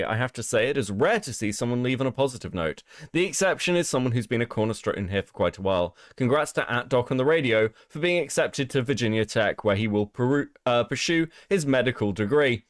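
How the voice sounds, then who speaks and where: A man's voice: mid-range voice, no echo, studio quality. Laughing, swearing British man streaming. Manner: laughing, swearing, rambling asides. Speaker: stream host. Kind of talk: casual live-stream commentary.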